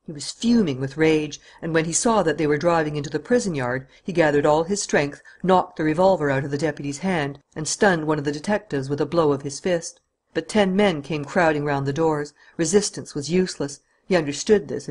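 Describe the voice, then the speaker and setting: Husky-voiced male audiobook narrator. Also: on the high side, a little fast.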